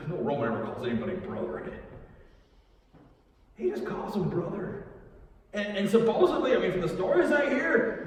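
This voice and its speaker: A man acting a troubled Roman soldier who builds crosses, telling his story in a rambling, halting way in a church monologue. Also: sits high. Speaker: actor in a church Easter monologue. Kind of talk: dramatic monologue. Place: church sanctuary. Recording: echoey church hall, mic far off.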